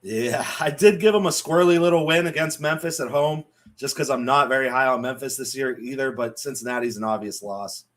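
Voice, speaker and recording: A man co-hosts a casual sports podcast, breaking down college football picks for betting while joking and laughing often. His voice is mid-range and a little fast, with a chatty manner.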